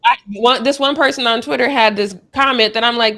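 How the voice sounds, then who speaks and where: Young woman co-host, bright tone, animated and quick to laugh, sports chat. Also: a little high. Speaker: show co-host.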